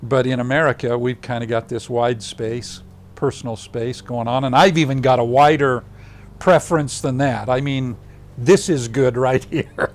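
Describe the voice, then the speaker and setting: An older man being interviewed, telling a personal story in a lively way, acting out what others said and dropping to a hushed voice at tender moments. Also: medium pitch, normal speed. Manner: animated storyteller who acts out others' lines.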